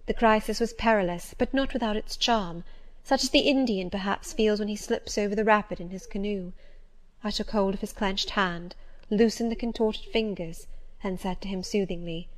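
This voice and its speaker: A woman narrates a classic novel in the first person as an audiobook. Her reading is measured and composed, in a mid-range voice. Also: mid-range voice.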